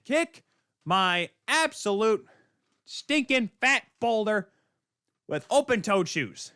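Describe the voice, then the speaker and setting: A man's voice: sits high, very animated, slow pace, long pauses, smooth, no echo, studio quality. Fired-up ranting podcast host, man. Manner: heated, sarcastic ranting with sudden loud spikes. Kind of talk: ranting hockey commentary.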